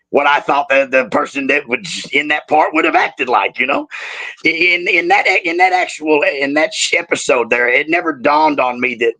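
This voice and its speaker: A middle-aged man telling stories in casual chat on a remote call, animated and profane, with loud laughs. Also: a little high, vocal fry. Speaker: guest, former wrestler.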